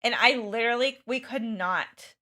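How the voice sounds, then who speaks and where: A woman's voice: on the high side, normal speed, sharp tone. A young woman chatting casually on a livestream, telling a rambling story with many restarts and bursts of laughter. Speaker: art streamer and teacher.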